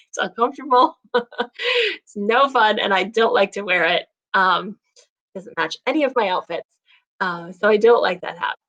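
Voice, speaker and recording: A middle-aged woman talks casually to her viewers in a fairly high voice. She is chatty and expressive and slips into little quoted voices to make her points. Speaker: host. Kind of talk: casual talk to camera.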